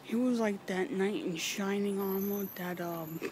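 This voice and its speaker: A woman recording an emotional personal video message, halting, sighing and swearing as she nears tears. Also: medium pitch. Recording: noisy background with vehicles.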